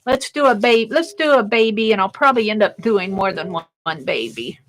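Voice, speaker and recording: On her laid-back craft stream, a woman talks briskly and expressively in a mid-range voice, laughing at her drawing as she works. Sometimes her voice falls to a soft murmur, and the recording is low quality.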